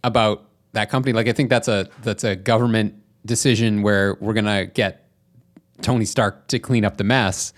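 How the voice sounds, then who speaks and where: A man's voice: lowish voice, fairly even intonation, moderate pace. A man co-hosting a casual movie podcast, talking conversationally and acting out quotes in put-on voices. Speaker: podcast co-host.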